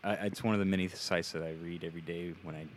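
A man's voice: low-pitched, fairly even intonation, fast talker, slight background noise. A man co-hosting a casual podcast chat, rambling and crude, with many fillers and restarts.

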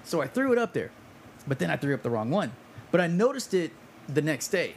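A man co-hosting a podcast, telling a story in an animated way and swearing a lot while chatting casually. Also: fairly high pitch, brisk, a little hiss or hum. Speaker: podcast co-host and self-published author. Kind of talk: casual chat.

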